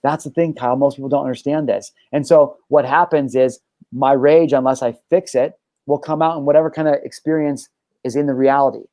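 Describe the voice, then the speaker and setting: Mid-range and mellow, this young man's voice comes through with no echo as he hosts a casual podcast conversation. A show host and life coach, he shares a personal story bluntly and emphatically, swearing throughout.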